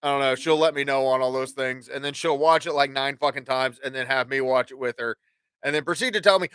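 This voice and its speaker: A man's voice: medium pitch, fairly quick, fairly bright tone, smooth, dry recording. A man in his forties hosting a talk show, rambling through an opinionated, profanity-laced casual monologue.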